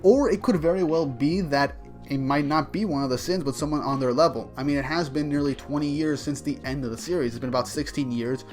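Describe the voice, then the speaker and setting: A man casually recapping a manga chapter, speaking excitedly and speculatively, often restarting his sentences. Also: a little high, brisk, soft background music. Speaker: manga reviewer.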